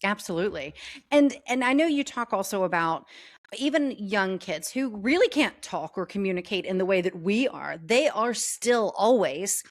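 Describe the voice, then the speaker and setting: A woman hosting a podcast interview, encouraging and quick with affirmations. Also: medium pitch, animated. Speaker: podcast host. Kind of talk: conversational interview.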